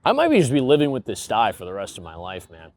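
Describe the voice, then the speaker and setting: A man's voice: mid-range voice, huge pitch swings, fast, darkish tone. A young man hosting a podcast, rambling through a casual comedic monologue and laughing at his own stories. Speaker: podcast host.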